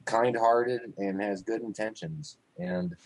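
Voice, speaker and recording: A man's voice: medium pitch, very animated, slow, vocal fry, poor audio. A man in casual chat, rambling with lots of fillers and frequent swearing.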